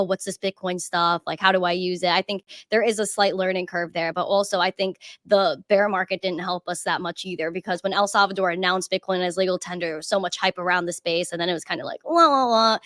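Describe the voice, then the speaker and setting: A woman's voice: mid-range voice, a bit bright, no room sound. Upbeat American woman, dry sound. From United States. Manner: upbeat, heavy use of "like". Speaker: crypto news show co-host. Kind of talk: casual live-stream chat.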